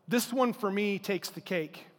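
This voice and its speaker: A man preaching a sermon as pastor, animated and acting out quotes as he speaks. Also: high voice, measured pace, big-room sound, noisy background. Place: church sanctuary.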